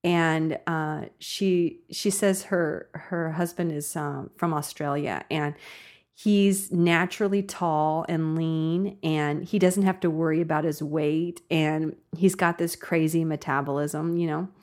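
Woman podcast host, bubbly and chatty, laughs a lot, fairly low voice. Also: steady tone, slow pace, darkish tone. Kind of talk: casual chat.

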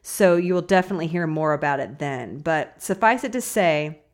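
Giggly, animated woman podcast host. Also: deep voice, normal speed. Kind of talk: casual solo podcast.

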